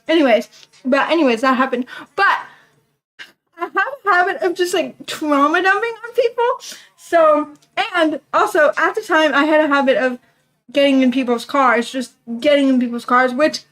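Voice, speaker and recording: A young woman telling rambling personal stories in a casual vlog chat, talking fast and loud until she runs short of breath. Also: sits high, low-quality recording. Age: young adult. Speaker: vlogger.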